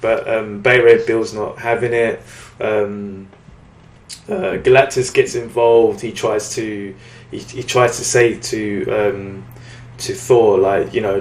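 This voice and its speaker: A British man recapping a comic book in casual chat, with lots of fillers, restarts and quick acted-out quotes. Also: lowish voice, steady tone, a little mellow, reverberant. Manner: rambling recap with many fillers and restarts, acting out lines in quotes. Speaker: podcast co-host reviewing comics.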